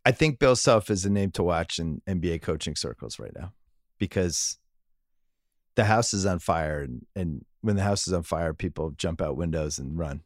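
A man's voice: deep voice, expressive, normal speed, no room sound, studio quality. A man hosting a sports podcast, chatting casually and joking through listener emails. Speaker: podcast host.

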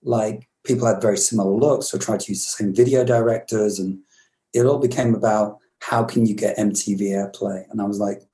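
A British man in his fifties with a low, mellow voice recounts stories as an interview guest. He rambles and restarts, reflective rather than polished. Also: steady tone, fairly quick, rough recording. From Britain. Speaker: musician guest. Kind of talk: storytelling interview.

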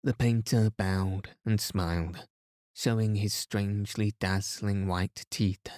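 A man narrating a classic novel as a calm, soothing bedtime reading for a sleep podcast. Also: on the low side, dry recording, clean studio sound. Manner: slow, soothing, even reading.

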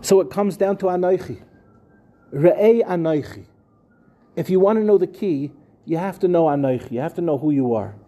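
Fast and high-sitting, a male rabbi's bright voice carries a lively Torah class held before a live audience. He chats with the room, asking questions and circling back to the same phrases.

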